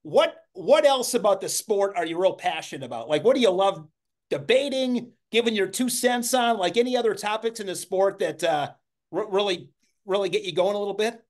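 A man hosts a relaxed interview, feeling his way through questions with frequent ums and restarts. His voice is notably high for a man. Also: moderate pace. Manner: hesitant, filler-heavy questions. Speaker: podcast host. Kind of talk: casual interview.

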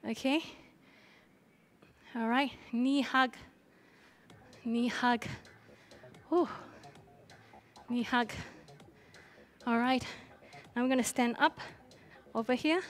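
A woman's voice: on the high side, steady tone, slow, pauses often. A woman fitness instructor coaching a live workout, encouraging and cheering her class on while out of breath. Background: faint music.

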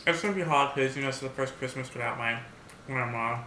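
A man with a bright, forceful voice eats on camera and tells a story in an animated, blunt way, swearing freely. His sound bounces around an echoey room over a faint hiss. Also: mid-range voice, fast talker. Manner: animated, talks while eating; blunt and profane. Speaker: vlogger. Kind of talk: mukbang story time.

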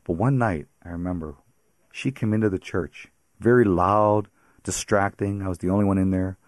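A man's voice: sits low, moderate pace, a little mellow, no room sound, studio quality. A man from the Pittsburgh area, a priest, telling his personal faith story as a radio interview guest, chatty and often laughing.

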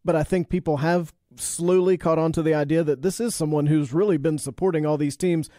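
A man's voice: a little high, steady tone, fairly quick, warm tone, dry recording, studio quality. A man hosting a podcast, asking long, full-sentence questions in an interview. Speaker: podcast host.

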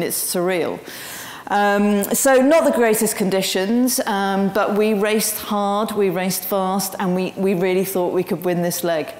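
A woman speaks as a guest lecturer and tells her story with lively energy and many ums. Her voice carries through a large room with a long, ringing echo. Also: mid-range voice. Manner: animated storytelling with frequent ums. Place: lecture hall. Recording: roomy hall with long reverb.

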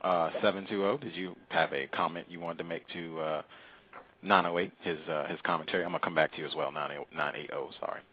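A man hosting a call-in radio show, speaking deliberately and lecturing on the meaning of terms. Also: sits low, fairly even intonation, husky, lo-fi sound.

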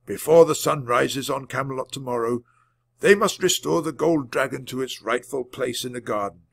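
A man's voice: mid-range voice, moderate pace, creaky, dry recording, studio quality. A man voicing a grave, formal old wizard in a storybook reading. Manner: formal, solemn.

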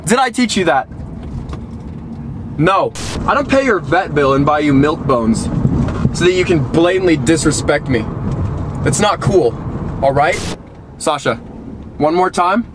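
A young man in a car giving his dog a deadpan, mock-betrayed scolding, as if she were a person. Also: a little high, a little slow, long pauses. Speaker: dog owner. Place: inside a parked car. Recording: noisy car interior.

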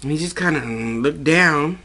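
A woman tells a long dream story in a loose, rambling way, wandering off on side remarks. She often raises her pitch to act out what others said. She talks casually, as if to a webcam at home. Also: unhurried, bright, forceful tone. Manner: chatty, digressive, quotes people in a higher voice. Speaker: vlogger recounting a dream.

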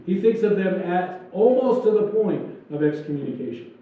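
In a church sanctuary, a man preaches as pastor with a high-pitched, expressive voice at a moderate pace. His style is loose and jokey, full of acted-out asides. Sound comes from a distant, dull mic in an echoey hall.

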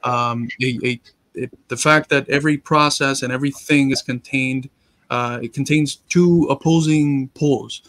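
A man's voice: medium pitch, steady tone, normal speed, fairly bright tone, dry recording. A man co-hosting a casual discussion, explaining ideas in a patient, lecture-like way like a teacher. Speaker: co-host and teacher.

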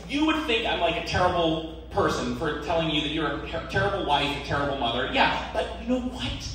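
A man hosting a stand-up comedy show, rambling and self-deprecating, laughing through his lines. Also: high-pitched. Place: live comedy venue on stage. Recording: echoey room, distant mic, loud noise.

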